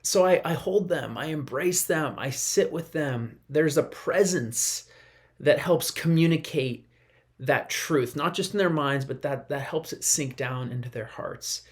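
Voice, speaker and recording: A pastor delivers a brief devotional in an earnest, conversational tone. The voice sits at a middle pitch. Quoted lines get a lifted, acted-out delivery. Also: unhurried. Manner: parent sharing a family example. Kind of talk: short devotional message.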